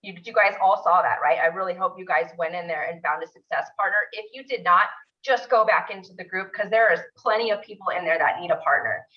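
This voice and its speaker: A woman's voice: fairly low pitch, quick pace. A woman leading a motivational team video call, emphatic and gushing, repeating herself for stress. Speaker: team leader hosting a mentor call. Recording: distant, dull lo-fi video call audio.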